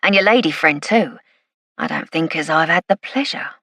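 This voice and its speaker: A man's voice: a little high, lively intonation, moderate pace, pushed and bright, no echo, clean studio sound. A woman voicing a sly, leering male informant from London's East End in an audiobook, with a cocky, wheedling manner. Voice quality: cackling laugh, wheedling banter. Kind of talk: audiobook character voice.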